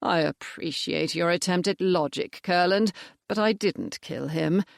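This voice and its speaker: A genial older village rector speaks gently in an audiobook, voiced by the narrator. His gravelly voice sits close and dry, without any room echo. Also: high voice, measured pace. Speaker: character in an audiobook. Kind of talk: audiobook character voice.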